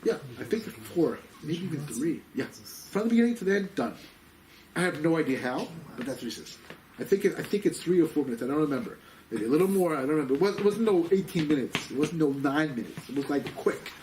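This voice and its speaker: A man teaching a rabbinic class, racing through stories and leaping up in pitch whenever he acts out a character. His voice sits a little high and swings widely. It is recorded from a distance, with a faint hum behind it. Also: fast talker. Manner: excitable, acts out quoted people with sudden jumps in pitch; sprinkles in Yiddish and Hebrew terms. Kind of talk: animated storytelling Torah class. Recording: distant mic with faint background noise.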